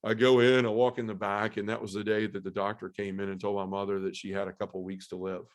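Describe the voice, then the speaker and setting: A man sharing an emotional personal testimony as a podcast guest, earnest and halting, with many fillers. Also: fairly low pitch, flat delivery. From Memphis area, US South.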